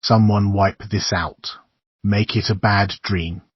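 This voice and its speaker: Audiobook: male reader as a desperate young woman; low, husky, choked delivery. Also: fairly even intonation, slow pace, dry recording, dull audio. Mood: despairing. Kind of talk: audiobook character reading.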